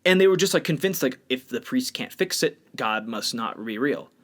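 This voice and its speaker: A man's voice: medium pitch, animated, moderate pace. A man co-hosting a podcast, talking bluntly and with strong opinions in a casual discussion. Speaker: podcast co-host.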